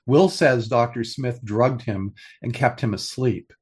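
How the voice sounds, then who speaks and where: An older man chatting casually as a podcast co-host, his voice sitting in an ordinary middle pitch. He pitches ideas eagerly, often restarting his sentences as he goes. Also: measured pace, husky. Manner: enthusiastic, pitching story ideas with many restarts. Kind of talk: casual chat.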